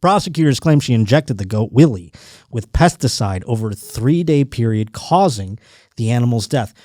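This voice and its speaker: A man hosting a podcast, chatting casually in a rambling, joking way and swearing freely. His pitch sits mid-range but swings widely as he talks. The recording is close and dry, with no room sound. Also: expressive, moderate pace, dark tone, no echo. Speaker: podcast host.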